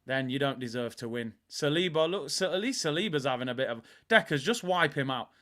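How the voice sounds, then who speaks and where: A man's voice: mid-range voice, lively intonation, a little fast. A man hosting a live football watch-along, ranting in exasperation as he talks over the match. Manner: exasperated, ranting, swings between mutters and shouts.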